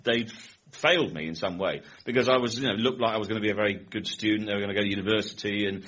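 A man guest on a chat show, telling rambling anecdotes with frequent laughter and quick impressions of people. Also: lowish voice, a bit bright, husky, highs cut off. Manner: rambling, laughs often, mimics people in stories. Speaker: comedian guest.

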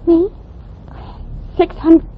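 An actress playing an eager, earnest young showgirl in a 1940s radio drama, sweet and pleading. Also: extremely slow. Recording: tinny old radio recording with faint hiss.

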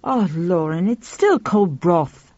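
A woman voicing a frustrated man who speaks in high, fretful exclamations. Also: animated, slow pace, a little mellow, dry recording, lo-fi sound. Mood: weary. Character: man upstairs, frustrated, high-voiced, exasperated.

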